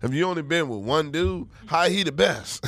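A man riffing loudly as a comedian guest in casual chat, brash, profane and boastful, from the United States. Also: fairly high pitch, lively intonation, moderate pace.

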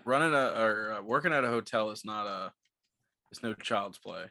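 Bright, dry-voiced man swearing through stories. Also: on the low side, moderate pace, dry recording. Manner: rambling, swears a lot, laughs while telling stories. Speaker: podcast co-host. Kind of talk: casual chat.

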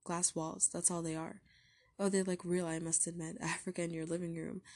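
Storybook role: woman voices a calm, reassuring husband, soft and low, mellow read. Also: a little fast. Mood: soothing. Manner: calm and soothing. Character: reassuring, slightly dismissive husband and father.

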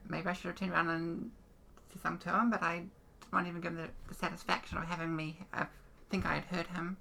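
A woman's voice: fairly low pitch, little pitch movement, fast talker, vocal fry, sharp tone. A woman co-hosting a casual podcast chat, answering in an easygoing way and giving brief replies that agree. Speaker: podcast co-host.

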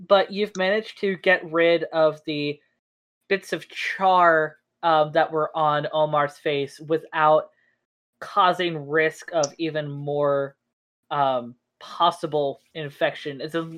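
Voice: mid-range voice, a bit bright. A game master narrating a tabletop game in a rambling way, full of fillers.

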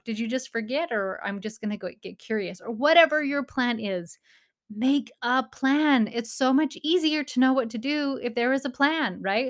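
A woman in her thirties hosting a parenting talk, speaking in an earnest, encouraging, casual way, with touches of faith. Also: fairly high pitch. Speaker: parenting podcast host.

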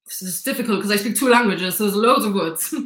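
In an echoey room, this Gibraltarian woman in her 20s talks at normal speed with an animated, slightly bright mid-range voice. Chatting as an interview guest, she's upbeat and leans heavily on fillers like "like" and "you know".

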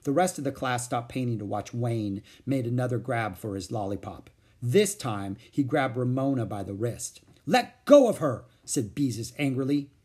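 A man's voice: mid-range voice, moderate pace, husky. A man reading a children's book aloud, narrating expressively. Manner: expressive, animated voices. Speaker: storyteller.

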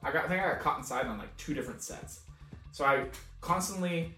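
A man's voice: a little high, fairly quick, sharp tone. A young adult man, a podcast co-host, telling a casual story, laughing often, swearing and acting out his own lines. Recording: echoey room, far from mic, faint music.

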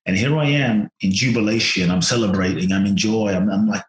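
A man telling a personal story in conversation, animated and acting out his own thoughts. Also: on the low side, normal speed, roomy sound, rough recording. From from outside the US. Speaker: podcast guest, personal development teacher.

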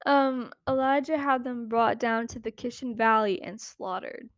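Woman podcaster chatting about scripture, laughs a lot, says like constantly, kinda high voice. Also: unhurried, no room sound, clean studio sound. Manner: chatty, giggly, lots of "like" fillers. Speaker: podcast host. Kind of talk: casual Bible talk.

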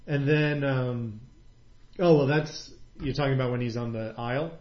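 A man's voice: medium pitch, normal speed. A man in an easygoing conversation, wandering through a retelling with frequent fillers and restarts. The room is echoey, and the recording sounds dull and lo-fi. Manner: rambling retelling with many fillers, quoting characters. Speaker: podcast co-host recapping a TV episode. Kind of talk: casual chat.

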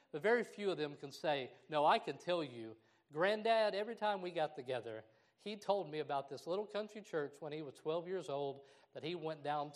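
Animated preacher delivering a sermon. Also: male voice, a little high. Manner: animated, acting out quoted prayers and voices. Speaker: pastor. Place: church.

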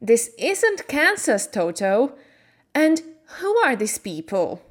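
A woman voicing a young girl who is lost and worried, speaking slowly and clearly. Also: a little high, big pitch swings, voice pushed up, heavily acted. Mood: puzzled. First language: Slovak. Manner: slow, clearly pronounced.

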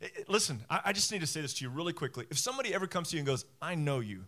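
A man's voice: on the high side, lively intonation, rapid-fire, pushed and bright. A male pastor preaching a sermon, emphatic, repeating phrases and acting out the voices he quotes.

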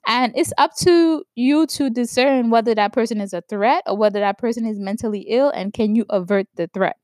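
A woman from New York giving opinion commentary, stressing words slowly and checking in with "right?". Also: a little high, a little mellow, no room sound. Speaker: vlogger commenting on news.

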